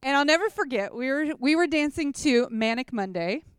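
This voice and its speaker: Woman speaker, animated testimony-style teaching with props; high, crisp voice, dry close sound. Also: normal speed, no room sound. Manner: chatty, animated storytelling with props; checks in with listeners often. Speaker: speaker at a church gathering.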